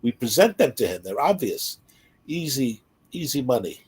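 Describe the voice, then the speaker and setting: A man's voice: mid-range voice, sing-song, moderate pace, darkish tone, husky. A man talking casually in a Bible study discussion, with many fillers and asides.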